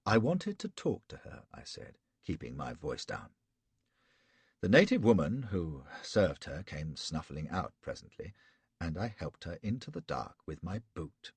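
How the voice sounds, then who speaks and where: Gravelly, raspy low-voiced male narrator. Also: very animated, measured pace, no echo. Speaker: audiobook narrator. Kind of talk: first-person audiobook narration.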